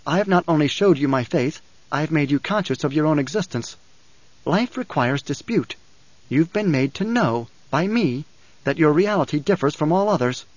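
A man's voice: on the high side, animated, normal speed, no echo. Man reading a serene, cryptic young man, slightly raised voice, dry dull sound. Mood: calm.

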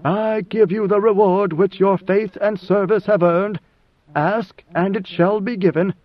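A man doing a colossal, ancient god-emperor, half sandworm, in an audiobook reading. He speaks slowly and with great solemnity in a raised, oddly lifted voice. The recording sounds dull and lo-fi. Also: high-pitched, fairly even intonation, pitched above the performer's own voice. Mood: gentle. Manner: slow, solemn, measured. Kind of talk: audiobook character voice.

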